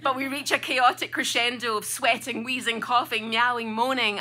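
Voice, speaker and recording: Bright-voiced Scottish woman telling a story. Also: fairly high pitch, steady tone, normal speed. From Scotland. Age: around 30. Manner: vivid, comic, dramatic delivery. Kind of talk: live personal storytelling performance. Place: small live music club stage.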